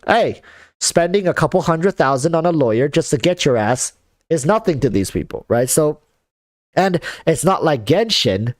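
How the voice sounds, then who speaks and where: A man's voice: a little high, big pitch swings, normal speed, no room sound, clean studio sound. A man chatting casually on a livestream, rambling with lots of fillers and restarts, reading viewer comments. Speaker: streamer.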